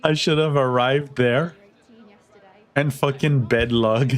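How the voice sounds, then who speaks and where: A man's voice: medium pitch, fairly even intonation, slow, pauses often. A man streaming a game with friends, teasing them, laughing and swearing in casual chat.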